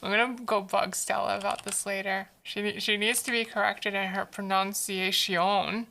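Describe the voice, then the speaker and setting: Bright, gravelly-voiced woman streamer. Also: medium pitch, little pitch movement, moderate pace, slight background noise. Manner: chatty, answers chat messages aloud; playful, teasing. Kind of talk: casual live-stream chat while drawing.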